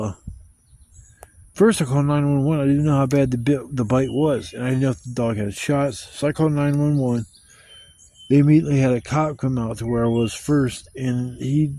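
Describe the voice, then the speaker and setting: A man's voice: mid-range voice, fairly quick. A man vlogging from a campsite in the woods, rambling and swearing casually as he tells stories. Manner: profane, rambling, animated when retelling stories. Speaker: camping vlogger.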